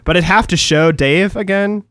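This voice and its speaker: A man's voice: sits high, normal speed, a bit bright, no room sound. A man co-hosting a casual chat, recapping a film and jumping into quoted voices with lots of laughter. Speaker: podcast co-host.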